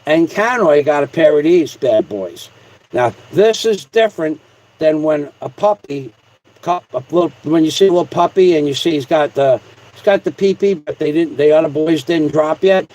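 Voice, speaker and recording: A man hosting a casual livestream, reading out viewer comments in a rambling, joking way with repeated shout-outs. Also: fairly high pitch, expressive, normal speed, low-quality recording. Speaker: livestream host.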